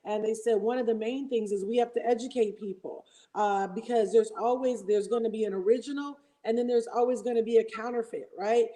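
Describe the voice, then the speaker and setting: A woman's voice: a little high, steady tone, brisk, few pauses, dark tone, poor audio. A woman guest on a casual livestream, talking enthusiastically and at length in a preacherly way. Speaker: guest co-host.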